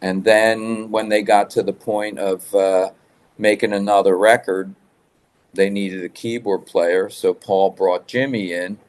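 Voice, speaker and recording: A man's voice: on the low side, fairly even intonation, measured pace, a little mellow. A man guest telling rambling rock-scene stories in a casual interview, swearing freely. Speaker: guest musician.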